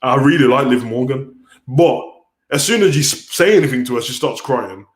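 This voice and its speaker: A man's voice: mid-range voice, animated, moderate pace. Give me a blunt man ranting to his livestream chat, in a roomy, echoing space. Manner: blunt, worked-up ranting with frequent restarts. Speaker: wrestling commentator and livestream host. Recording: roomy echo.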